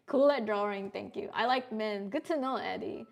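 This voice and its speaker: In a casual drawing stream from her home, a young woman talks with her audience, often breaking into laughter and swearing. Her medium-pitched voice is gravelly and moves at a normal speed.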